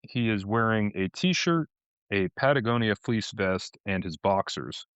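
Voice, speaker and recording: A man's voice: lowish voice, animated, measured pace, fairly bright tone, clear, resonant tone, no echo. A man from co-hosting a podcast, telling stories casually with lots of restarts. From Boston. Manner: rambling storytelling with frequent restarts. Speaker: podcast co-host. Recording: dull lo-fi audio.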